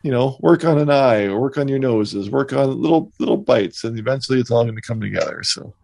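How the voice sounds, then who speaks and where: A man's voice: mid-range voice, lively intonation, brisk, creaky, darkish tone, no echo. A man co-hosting a podcast about woodcarving, giving easygoing, laid-back advice in casual chat.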